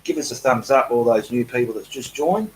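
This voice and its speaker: A man's voice: mid-range voice, animated, brisk, slight background noise, poor audio. A middle-aged Australian man with an Australian accent, an artist chatting casually on a live stream and reading out viewer comments in a self-deprecating way.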